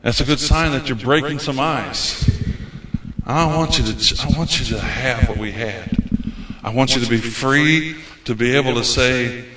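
A man's voice: medium pitch, moderate pace, sharp tone. A man preaching a fervent, folksy sermon as a visiting preacher, repeating his phrases for emphasis. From United States. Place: church hall. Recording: roomy church hall.

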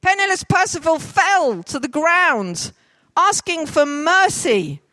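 A woman telling a story to a group, directing volunteers as they act it out, with lively, jokey asides. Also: very high voice, slow, no echo. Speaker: children's storyteller.

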